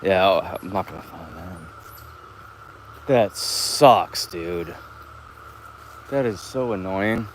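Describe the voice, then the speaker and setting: A man's voice: low-pitched, slow, pauses often, a little hiss or hum. Rambling, cursing man vlogging outdoors. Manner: profane, chatty storytelling. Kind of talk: casual rambling walk-and-talk. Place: outdoors, walking around an open lot.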